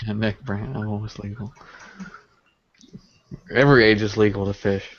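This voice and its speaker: A man co-hosting a casual fishing live stream, quick and eager. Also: lowish voice, steady tone. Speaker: fishing channel host. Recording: muffled stream audio.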